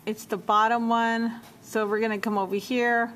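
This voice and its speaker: A woman teacher walking a class through a software task step by step, repeating menu names as she checks her work. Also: a little high, flat delivery, normal speed, slight background noise. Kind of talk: software tutorial walkthrough.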